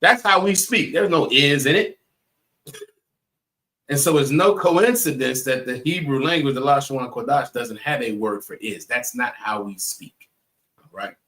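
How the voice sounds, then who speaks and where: A man's voice: mid-range voice, a little slow, pushed and bright. Emphatic man teaching an online class. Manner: emphatic, repeats points, asks "right?" often; addresses chat viewers directly. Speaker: class instructor. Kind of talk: live online class lecture.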